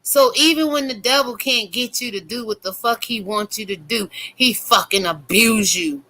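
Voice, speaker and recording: A woman's voice: fairly high pitch, moderate pace, sharp tone. Fiery cursing woman preaching a rant. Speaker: online commentator. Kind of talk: profane religious rant.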